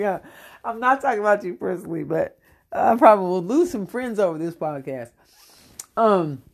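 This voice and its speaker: Brash, swearing woman on a rant. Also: medium pitch. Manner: brash, swearing, animated, laughs often. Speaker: dating coach podcast host. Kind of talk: profane comic rant.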